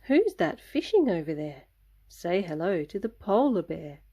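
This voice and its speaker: A woman reads a children's picture book aloud at an unhurried pace. Her delivery is sing-song and gentle, and she voices the animals' sounds as she goes. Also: fairly low pitch, big pitch swings, breathy edge.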